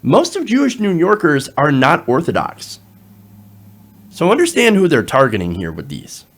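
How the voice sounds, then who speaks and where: A man's voice: fairly high pitch, huge pitch swings, normal speed. A man hosting a political commentary show, reading from an article and adding sarcastic asides, with frequent fillers.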